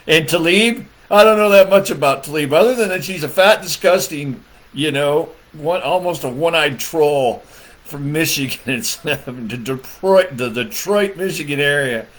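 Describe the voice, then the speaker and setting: Slow-talking man ranting and chuckling. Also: on the high side, fairly bright tone. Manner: laughs often, crude, meandering with fillers. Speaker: political comedian. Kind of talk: rambling comedic rant. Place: Michigan.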